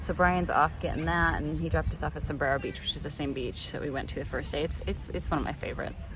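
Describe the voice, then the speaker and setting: Chatty vlogging mom, recorded outdoors on camera audio with water noise clearly heard behind her. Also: low voice, steady tone, fast. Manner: chatty, with frequent ums and restarts. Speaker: mother and vlogger. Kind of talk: casual family travel vlog. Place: outdoors on a paddle board on the water. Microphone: handheld camera.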